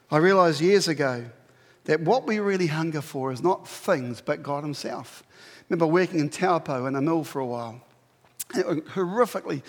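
A man preaching in a church, his voice sitting high for a man. He keeps it conversational and animated and poses questions to the congregation. A long reverb trails behind his words. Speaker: pastor. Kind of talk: sermon.

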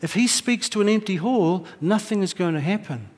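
High-voiced New pastor preaching. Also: male voice, normal speed. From New Zealand. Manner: lively, humorous storytelling. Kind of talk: sermon with personal anecdotes. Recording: echoey hall.

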